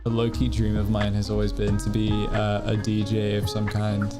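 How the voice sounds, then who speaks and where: A man's voice: on the low side, monotone, normal speed. A man streaming a game and chatting casually, rambling and poking fun at himself. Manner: rambling, self-deprecating, jokey. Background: faint music.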